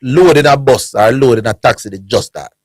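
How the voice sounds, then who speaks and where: A man with a Jamaican accent hosting a sports call-in radio show, telling an animated anecdote in creole and chuckling often. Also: medium pitch, a little fast, dry recording. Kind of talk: casual storytelling on call-in radio.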